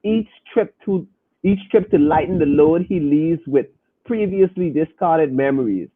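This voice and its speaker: Husky man on a tinny phone line. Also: on the high side, lively intonation, unhurried. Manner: emphatic, repeats and restarts phrases. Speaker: podcast host. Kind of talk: casual podcast talk to listeners.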